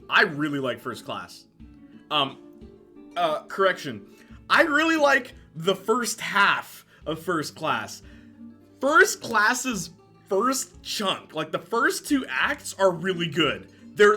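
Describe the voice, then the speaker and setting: A man talks in casual live-stream chat, excitable and quick to laugh. His voice swings widely up and down and rings bright and forceful. Soft guitar music plays faintly behind him. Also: high-pitched. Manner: excitable, chatty, laughs often, reacts to chat. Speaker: streamer ranking movies.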